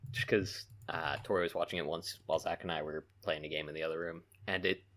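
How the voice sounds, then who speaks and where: A man's voice: rumbling low, little pitch movement, fast talker, a bit bright. A man co-hosting a podcast in casual chat, hesitant, often trailing off with ums and likes. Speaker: podcast co-host.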